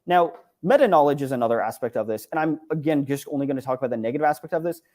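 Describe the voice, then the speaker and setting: A man's voice: on the high side, expressive, racing, a little mellow. A young man giving an online conference talk over slides, casual and filler-heavy, with many "right?" and "like" tags. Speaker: conference presenter. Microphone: online talk, computer mic.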